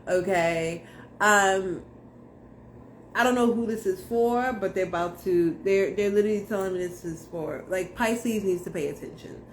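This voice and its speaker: A woman's voice: mid-range voice, moderate pace, a little hiss or hum. A young woman giving a casual tarot reading to camera, blunt, slangy and profane as she talks straight to viewers. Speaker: tarot reader.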